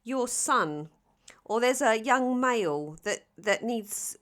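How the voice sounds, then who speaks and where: A fairly bright, somewhat high-pitched woman from London speaks slowly and with animation in a South London Cockney accent. She's a tarot reader doing a casual reading to camera, chatty and playful, full of ums and restarts.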